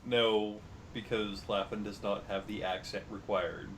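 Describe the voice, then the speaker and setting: A man's voice: on the low side, flat delivery, unhurried, a bit bright, poor audio. A man running a tabletop role-playing game as game master, laying out scenes in a matter-of-fact way.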